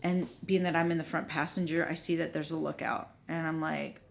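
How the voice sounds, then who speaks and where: A woman in her thirties, a vlogger telling a personal story in a casual, profane, animated way, acting out what people said. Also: on the low side, brisk, creaky, a little hiss or hum. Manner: profane, animated retelling with quoted dialogue.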